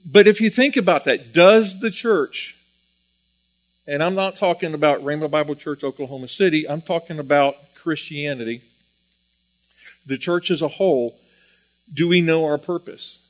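A man preaching a sermon, a former Marine who talks earnestly, repeats and restarts his words, and grows animated as he tells stories. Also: a little high, normal speed, poor audio.

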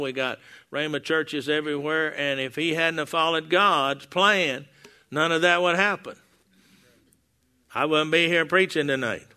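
A man's voice: fairly high pitch, sharp tone, clear, resonant tone. An older man preaching a sermon to a congregation in a church, telling folksy stories with many restarts, on a clip-on mic. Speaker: pastor. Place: church hall before a congregation. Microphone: wearing a lapel mic.

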